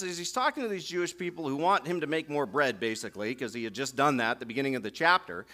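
A man pastor preaching a sermon, emphatic, swelling and slowing down on key phrases. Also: medium pitch, animated, pushed and bright.

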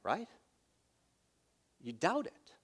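A man preaching a sermon in an earnest, conversational way, with wry asides, who lifts his voice on key words and softens in prayer. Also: wildly swooping pitch, extremely slow, husky. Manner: rises in pitch and volume on key words, drops soft in prayer. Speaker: pastor.

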